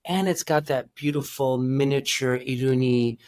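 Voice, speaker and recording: A man in his forties from Iran, a guest in a casual interview, talking in halting starts with lots of restarts. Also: mid-range voice, darkish tone, no echo, studio quality. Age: 40s.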